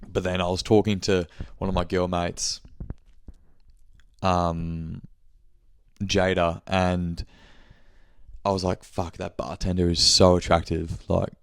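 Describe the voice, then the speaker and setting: A young man chats through a rambling, sweary story in a casual podcast check-in. His voice sits low and flat with a gravelly edge. The sound is dry and close, with no room echo. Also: slow, long pauses. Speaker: podcast host. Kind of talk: casual monthly check-in chat.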